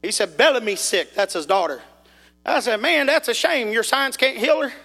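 High, bright-voiced shouting preacher man. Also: normal speed. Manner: folksy, animated, rises to shouting. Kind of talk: sermon storytelling. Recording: echoey hall reverb.

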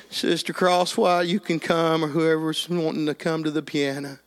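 A man's voice: on the high side, level tone, normal speed, few pauses. A middle-aged man, preaching a sermon with personal testimony and peppering it with amens and hallelujahs.

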